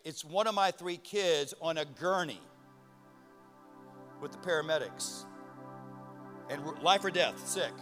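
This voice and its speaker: A middle-aged man preaching a sermon as pastor, telling a story with animated outbursts. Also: a little high, a little slow, long pauses. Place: church auditorium. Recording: reverberant hall with music.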